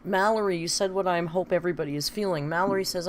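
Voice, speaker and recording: A woman's voice: fairly low pitch, fast, slight background noise. A woman chatting casually on a live stream, reading viewer comments aloud and laughing often.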